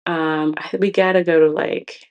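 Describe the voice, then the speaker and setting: Young woman co-host, lowish voice, easy casual chat, laughs a lot. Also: fairly even intonation, measured pace, clean tone, dull audio. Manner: laughs often, acts out quoted friends. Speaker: podcast co-host.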